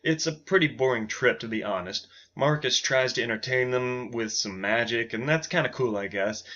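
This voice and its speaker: A man telling a comic story in a deadpan, offhand way, with casual asides, on a dull lo-fi recording. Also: medium pitch, moderate pace.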